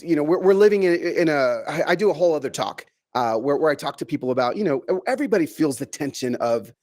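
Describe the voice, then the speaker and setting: A middle-aged keynote speaker, his voice a touch higher than most men's, gives a motivational talk to a virtual audience. His delivery is lively and conversational, full of restarted phrases and repeated words. He stresses important words by drawing each one out slowly.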